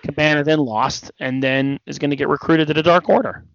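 A man's voice: fairly high pitch, fairly even intonation, fairly quick, gravelly, no room sound. A man co-hosting a casual wrestling podcast, rambling and hesitant with many restarts, a bit tired. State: yawning, tired. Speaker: podcast co-host. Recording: dull dry podcast audio.

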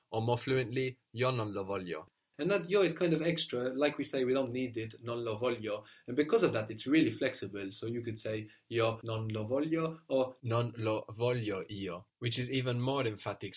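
A man teaching a spoken language lesson, explaining patiently and repeating words slowly for his student. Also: mid-range voice.

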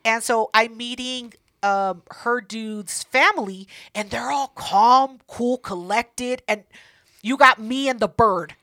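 A woman co-hosting a podcast, telling a story in casual chat, profane and animated, acting out what people said. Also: fairly high pitch, slow, no echo. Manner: profane, animated, acts out quotes. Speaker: podcast co-host.

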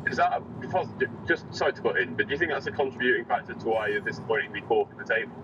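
A man's voice: medium pitch, expressive, very fast, background noise. A man co-hosting a casual podcast from a car, asking dry, mock-formal interview questions. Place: inside a moving car. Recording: dull, distant car recording.

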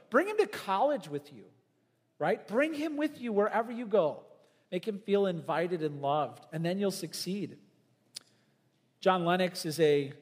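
High-voiced preaching man in a reverberant hall. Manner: emphatic preaching with big swings in pitch and volume. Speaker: pastor. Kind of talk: sermon.

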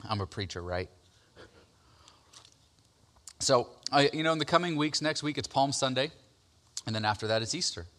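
A pastor in his thirties shares a personal testimony in a conversational sermon, speaking fast at a medium pitch. His talk is packed with fillers and repeated words, and he grows loud and excited as he retells his story.

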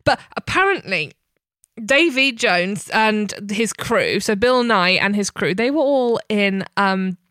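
A woman's voice: medium pitch, lively intonation, measured pace, a bit bright, dry recording, studio quality. A woman chatting casually with her brother, telling stories animatedly and slipping into mimicked voices, with the odd swear. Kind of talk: casual chat.

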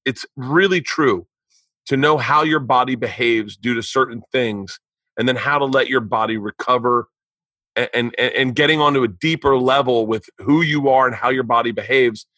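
A man's voice: medium pitch, moderate pace, sharp tone, dry recording. A man hosting a podcast, reading ads and chatting casually, loose and profane with stumbling restarts. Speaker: podcast host. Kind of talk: casual chat and read ads.

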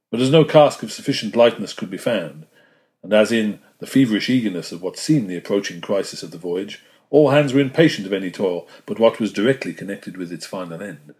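A man reading a classic novel aloud as an audiobook narrator, measured and dropping softly at the ends of phrases. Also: on the low side. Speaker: audiobook reader.

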